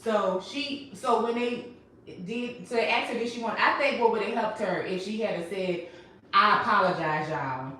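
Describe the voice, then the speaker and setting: A woman hosting a casual recap chat, telling the story with emphatic, animated delivery. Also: a little high, normal speed, a little hiss or hum. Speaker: host. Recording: echoey room, mic at a distance.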